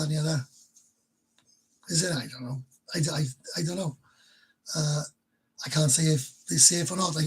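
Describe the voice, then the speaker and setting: Blunt, chatty man with a husky voice. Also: fairly high pitch, low-quality recording. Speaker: livestream host. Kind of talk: casual livestream chat.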